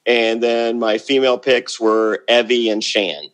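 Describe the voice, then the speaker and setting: A middle-aged man chatting as an interview guest, brash and cocky, rambling through his stories. His pitch sits in an ordinary male middle range as he stumbles over restarts and piles up asides. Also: level tone, unhurried, fairly bright tone. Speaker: guest, former reality show contestant. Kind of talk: casual interview chat.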